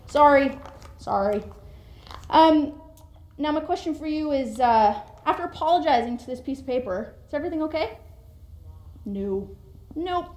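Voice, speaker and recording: A young woman from Canada gives an animated devotional talk, her voice sitting a little high. She acts out quoted voices with sudden leaps in pitch and volume. The recording carries a roomy echo. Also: normal speed, pauses often. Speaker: speaker giving a devotional talk. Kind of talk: sermon-like motivational talk.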